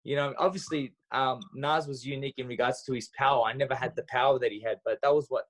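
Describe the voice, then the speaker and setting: A man, a podcast guest telling stories in a lively, casual way, full of fillers and restarts. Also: mid-range voice, fast. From Australia. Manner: animated storyteller, acts out dialogue, frequent fillers and restarts. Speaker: podcast guest, former boxer. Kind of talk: casual interview storytelling.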